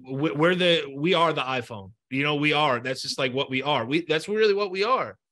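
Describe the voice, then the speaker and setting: A man's voice: fairly high pitch, lively intonation, normal speed, pushed and bright. A man hosting an interview show, talking earnestly and encouragingly, repeating himself and swearing freely. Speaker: podcast host. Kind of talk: heartfelt interview chat.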